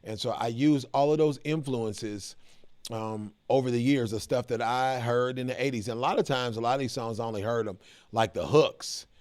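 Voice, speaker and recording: A man's voice: medium pitch, moderate pace, darkish tone, no echo, studio quality. A middle-aged American man hosting a reaction video, talking to his viewers in a laid-back, chatty way. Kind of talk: casual reaction commentary.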